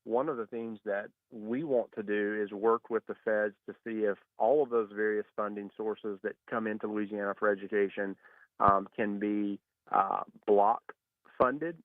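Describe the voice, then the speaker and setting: A state education official answers questions in a radio interview by phone, his low voice sounding tinny, narrow, and dry with no echo. He speaks steadily and measuredly, with frequent "uh" and "um."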